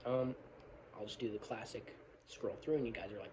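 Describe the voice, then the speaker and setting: A man's voice: fairly low pitch, normal speed, noisy background. A man talking through song lyrics in a casual, rambling way, apologising often and swearing freely, recorded on a phone. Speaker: metal fan analysing song lyrics. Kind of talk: casual rambling video commentary. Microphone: phone camera.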